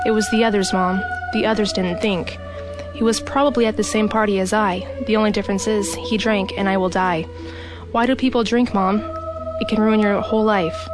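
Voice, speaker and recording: A woman's voice: mid-range voice, natural voice. Woman reading as a dying young woman. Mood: desperate. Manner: emotional, voice breaking. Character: young woman dying after a drunk driver's crash. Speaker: poem reader. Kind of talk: dramatic poem reading. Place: radio studio.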